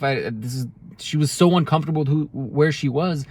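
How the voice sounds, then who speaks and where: A man's voice: fairly high pitch, brisk, slightly rough, no room sound. A man speaking earnestly to camera in a heartfelt motivational monologue, often restarting his sentences. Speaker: self-help video creator.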